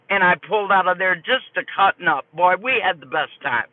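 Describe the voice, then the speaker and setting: An older woman streaming live, telling a story to her chat in an animated, folksy way. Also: fairly low pitch, moderate pace, few pauses. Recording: tinny phone-like dry audio.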